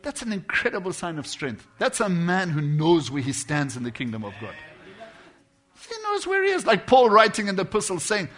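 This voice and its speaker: A man preaching a sermon, earnest and personal, dropping to quiet intimate lines and then rising into loud, emphatic bursts. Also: sits high, wildly swooping pitch, normal speed.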